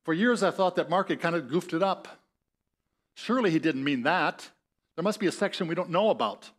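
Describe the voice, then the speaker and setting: A pastor with an Upper Midwest American accent preaches a sermon in a church sanctuary. His voice sits on the high side, animated and a little fast, as he tells the story conversationally and acts out the voices in it.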